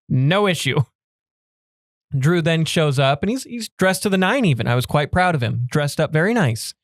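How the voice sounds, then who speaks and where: A young man co-hosting a podcast, telling a story in a relaxed, wry way. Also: on the high side, moderate pace, no echo. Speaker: podcast co-host. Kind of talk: casual storytelling chat.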